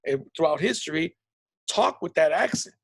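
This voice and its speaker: A man, hosting a casual comedy podcast chat and telling animated stories. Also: a little high, moderate pace, gravelly, husky, no echo. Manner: animated storyteller, slips into impressions. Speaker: podcast host.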